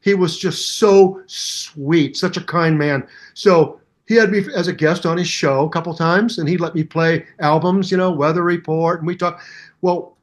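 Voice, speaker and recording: A man in his seventies, a musician guest in an interview, telling anecdotes in a hyper, animated way and acting out the voices of people in his stories. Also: a little high, moderate pace. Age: 70s. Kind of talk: storytelling interview.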